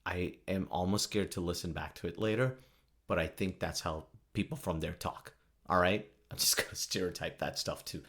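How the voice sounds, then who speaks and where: A man's voice: sits low, normal speed, a bit bright. A man hosting a solo podcast, rambling and joking, laughing often at his own remarks. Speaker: podcast host.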